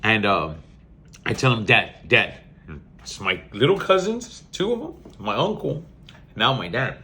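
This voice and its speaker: A man's voice: fairly low pitch, big pitch swings, unhurried, pushed and bright. A young man with a South Texas accent, hosting a podcast and telling a story in casual, slangy talk with Spanish words mixed in. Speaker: podcast host.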